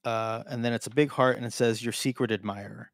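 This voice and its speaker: A man's voice: mid-range voice, fairly even intonation, brisk, dry recording, studio quality. Hesitant man rambling with many fillers. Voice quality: hesitant, full of fillers and restarts. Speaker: co-host. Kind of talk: improvised comedy chat.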